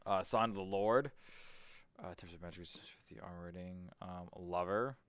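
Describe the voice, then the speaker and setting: A man's voice: deep voice, a little fast, a bit bright, smooth. A man streaming a game, thinking aloud, swearing casually and reading menu text as he goes. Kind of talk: casual let's-play commentary.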